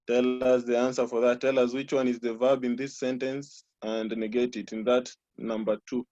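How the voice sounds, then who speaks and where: A man's voice: mid-range voice, level tone, moderate pace, dark tone. A man teaching a French class online, patiently correcting students and repeating answers. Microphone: video call. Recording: muffled video call audio.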